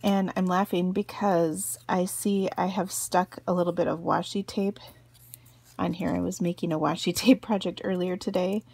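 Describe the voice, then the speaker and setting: A middle-aged woman talks through a card-making demo in her home craft room, chatty and quick to giggle at her own asides. Her voice has a gravelly edge and a husky, slightly breathy texture. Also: fairly low pitch, steady tone, a little mellow. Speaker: craft video host. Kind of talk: casual crafting tutorial.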